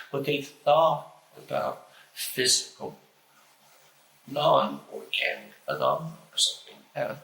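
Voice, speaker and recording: A man with a stutter recites a spiritual lecture in a slow, deliberate way, pausing often. His voice is bright and clear. The room around him sounds echoey. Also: mid-range voice. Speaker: host reciting a famous lecture.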